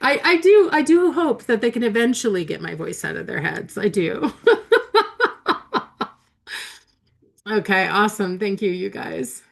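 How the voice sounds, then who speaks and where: A woman's voice: medium pitch, animated, normal speed, gravelly, few pauses. A woman hosting a live math webinar over a computer mic. She talks in a chatty, enthusiastic way, with lots of fillers and laughs as she reads the chat aloud.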